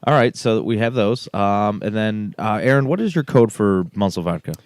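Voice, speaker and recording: A man's voice: on the low side, expressive, normal speed, clear, resonant tone, dry recording. A man hosting a casual podcast, joking and swearing through loose banter with friends. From Ohio, USA. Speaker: podcast host. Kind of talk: casual chat.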